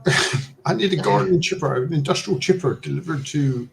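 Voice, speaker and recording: High gravelly guy playing a tabletop game, slow and deadpan. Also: a crowd in the background. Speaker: player. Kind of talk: casual tabletop game chat.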